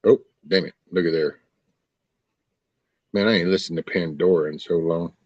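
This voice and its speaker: Low-voiced man ranting on a livestream. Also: steady tone, moderate pace, darkish tone, no echo, dull audio. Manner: folksy, profane, ranting. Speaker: livestream host. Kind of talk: casual rambling livestream chat.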